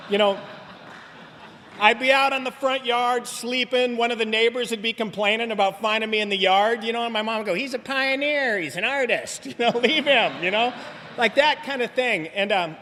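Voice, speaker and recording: A man in his forties with a high voice tells his recovery story to a meeting crowd, joking and rambling. He keeps asking "you know what I mean?" His voice rings with a long hall echo. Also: sharp tone. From Southern California. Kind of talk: humorous recovery talk to an audience. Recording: live talk with long hall reverb.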